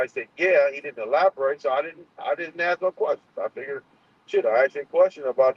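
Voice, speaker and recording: A man's voice: mid-range voice, fast talker, breathy edge. A man hosting a casual livestream, heated and profane, often restarting his sentences. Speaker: channel host. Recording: muffled lo-fi sound.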